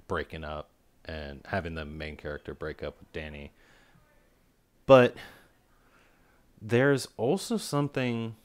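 Low-voiced man rambling about a film. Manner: rambling, filler-heavy, acts out quoted characters. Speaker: podcast co-host. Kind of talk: casual film discussion.

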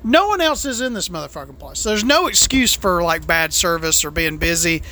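Male food vlogger, high and bright, crude exasperated rant. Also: expressive, moderate pace. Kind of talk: profane ranting storytelling.

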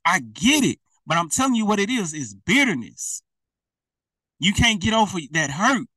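Preacher, male, direct and repetitive, bright tone, sits back from the mic. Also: high-pitched, very animated, moderate pace, breathy edge, no room sound, recorded from a distance. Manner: colloquial, repetitive, direct address. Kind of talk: informal preaching to camera.

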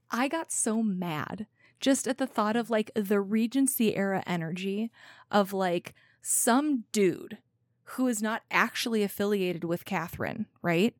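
A woman co-hosts a relaxed book podcast, recapping scenes in a chatty, slangy voice full of "like"s. Her pitch sits in the middle for a woman. The sound is close and dry, with no room around it. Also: unhurried, dry recording. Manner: animated, slangy retelling with many "like"s. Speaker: podcast co-host. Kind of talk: casual book-club chat with read-aloud passages.

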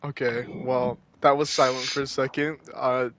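A man's voice: mid-range voice, level tone, moderate pace, fairly bright tone. A young man co-hosting a podcast in casual banter, rambling through joking made-up scenarios. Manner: rambling, spins joking hypotheticals. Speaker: podcast co-host.

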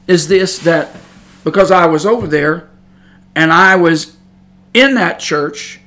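A man's voice: fairly high pitch, takes it slowly. A middle-aged man giving an emphatic religious podcast monologue, repeating himself and growing heated. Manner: emphatic, repetitive, grows heated and loud. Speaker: podcast host.

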